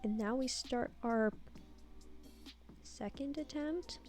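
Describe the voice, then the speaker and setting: A woman's voice: high voice, takes it slowly, a little mellow, faint music behind. A woman giving casual voiceover commentary on her own game build, rambling and self-deprecating with a sarcastic streak.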